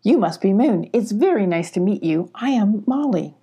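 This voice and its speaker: A woman's voice: mid-range voice, lively intonation, moderate pace, mellow, breathy edge. A woman voicing a friendly, chatty young girl in a storybook reading, talking lightly with a hint of giggle.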